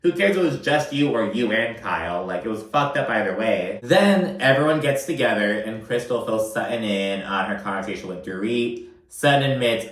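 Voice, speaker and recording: A man's voice: fairly low pitch, expressive, moderate pace, fairly bright tone. A man giving a casual, profane recap of a reality TV episode, chatty and full of filler words. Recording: roomy, mic at a distance.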